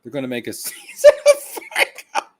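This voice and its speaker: A man giving reaction commentary on a stream, excitable, profane and mocking. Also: medium pitch, moderate pace, no room sound, clean studio sound.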